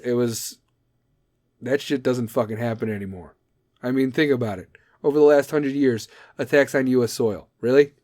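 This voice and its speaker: A man's voice: medium pitch, a little mellow, no echo, clean studio sound. A man hosting a podcast, reading history dates and riffing on them with profane, sarcastic comedy. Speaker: podcast host. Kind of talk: casual comedic commentary.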